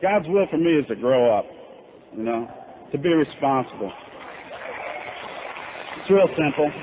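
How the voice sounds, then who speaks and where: A man's voice: fairly high pitch, animated, unhurried. A middle-aged man telling his recovery story at a convention, candid and self-mocking. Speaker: recovery speaker. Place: convention hall. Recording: tinny lo-fi tape with faint hiss.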